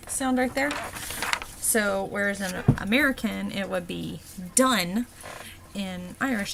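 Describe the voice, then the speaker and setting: Woman, dialect coach, slow unhurried delivery, halting with ums, faint hiss behind. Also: mid-range voice, gravelly. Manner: halting, many ums and pauses. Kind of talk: explaining an accent worksheet.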